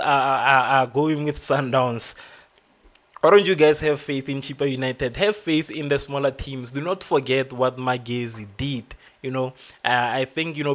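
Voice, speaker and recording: A young man hosting a football watchalong livestream, chatting casually with many fillers and shouting out viewers. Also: medium pitch. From South Africa. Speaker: livestream host.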